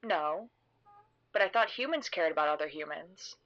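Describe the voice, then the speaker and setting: A narrator voicing a flat, blank-faced swing girl. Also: mid-range voice, moderate pace, dull audio. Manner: flat matter-of-fact delivery. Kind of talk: audio drama narration.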